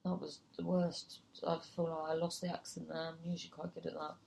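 A woman's voice: low voice, level tone, fairly quick, vocal fry, darkish tone. A woman comedian telling a gig story casually, swearing freely and acting out other people's voices. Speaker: comedian and compere.

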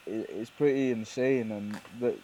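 A man's voice: on the low side, measured pace, dark tone, slight background noise, poor audio. A man co-hosting a sports podcast in casual chat, thoughtful and often restarting his words. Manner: thoughtful, stumbles and repeats words.

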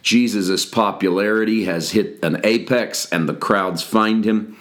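A man's voice: lowish voice, steady tone, a little slow, a bit bright. A man giving a conversational devotional Bible teaching for a podcast, stopping now and then to correct himself and start over. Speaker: pastor.

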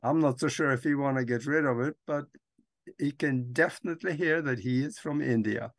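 A man's voice: medium pitch, fairly quick, no echo, clean studio sound. A man hosting an interview show, speaking straight to the audience as he sets up a guest segment. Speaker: host.

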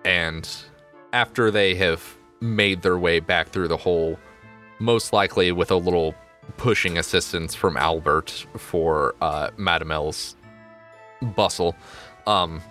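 A man narrating a tabletop game as game master, chatty and quick to laugh. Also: deep voice, pushed and bright, soft background music.

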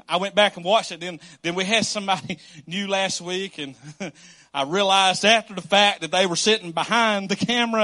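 A man's voice: high voice, pushed and bright. A man preaching a sermon, joking and asking the congregation questions. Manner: joking, call-and-response with congregation. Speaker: pastor.

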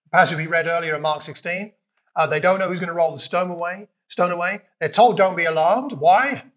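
A man with a British accent preaching a conversational sermon, retelling scripture and acting out lines with lively emphasis. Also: high-pitched, fairly quick. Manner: conversational, animated, acts out quotes with raised voice.

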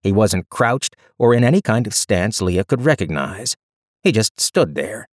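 A man narrating an audiobook in a measured, steady way. His voice is on the low side. The recording is dry and close, with no room sound. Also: no echo.

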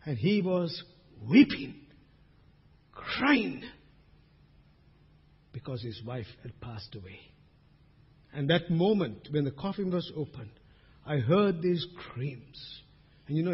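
A man preaching a sermon as pastor, swinging between loud emphasis and hushed asides. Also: on the high side, big pitch swings, measured pace, slightly rough. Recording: dull recording with long hall reverb.

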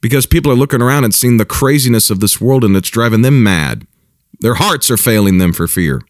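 Man, pastor, casual commentary, very low voice, repeats and restarts, dry recording. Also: animated, no echo. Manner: halting and repetitive, with chuckles and mocking mimicry.

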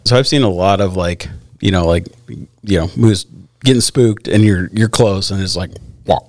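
A man's voice: deep voice, moderate pace, no room sound. Man, casual storyteller, rambly, laughs often, dry close sound. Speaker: hunter telling stories.

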